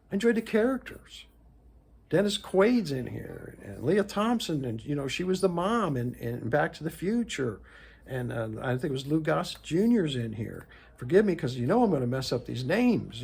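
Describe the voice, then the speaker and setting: A man's voice: medium pitch, gravelly, darkish tone, slightly rough. A man in his sixties talking through a casual home-video movie review in an emphatic, rambling way, often correcting himself. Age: 60s.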